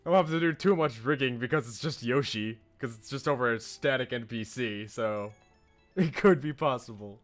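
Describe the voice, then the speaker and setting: A man's voice: medium pitch, normal speed, fairly bright tone, faint music behind. A young man streaming a game, chatting casually with enthusiastic, gushing commentary and frequent laughs.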